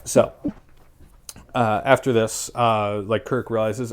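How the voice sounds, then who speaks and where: A man hosting a stream, casually retelling plots in a sarcastic, rambling way with quick quoted asides. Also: lowish voice, level tone. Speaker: streamer host. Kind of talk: casual chat.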